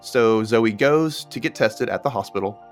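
A man with a somewhat low voice and moderate pace chats casually with a co-host about a TV episode, soft music playing behind them. Animated throughout, he frequently voices the characters in a raised tone.

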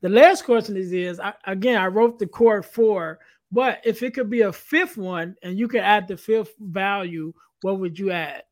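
A man's voice: sits high, normal speed, dry recording. A man hosting a casual podcast interview, methodically listing points and repeating them back to his guest. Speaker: podcast host.

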